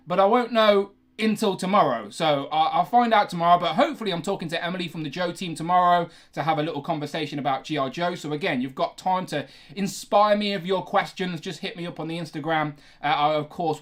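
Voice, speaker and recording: A man's voice: high-pitched, fairly bright tone. A young man hosting a casual toy collecting livestream from his room, chatty and rambling, often correcting himself. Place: his own room, indoors.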